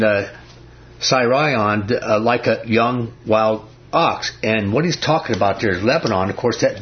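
A man preaching a sermon, emphatic, often repeating "I'm telling you" and putting questions to his listeners. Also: medium pitch. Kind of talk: sermon, Bible study. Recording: dull lo-fi recording.

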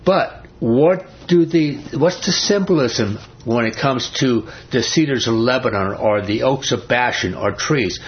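A man's voice: mid-range voice, normal speed, hardly any pauses, slight background noise. A man preaching a sermon, emphatic, often repeating "I'm telling you" and putting questions to his listeners. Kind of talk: sermon, Bible study. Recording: dull lo-fi recording.

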